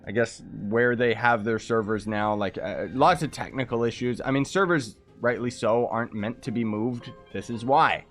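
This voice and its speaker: A man talks casually over his game stream, mid-pitched and unhurried, sliding into frustrated rants and sudden exclamations. Faint game music plays underneath. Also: fairly bright tone. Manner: frustrated ranting with quick exclamations. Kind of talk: casual live-stream chat while gaming.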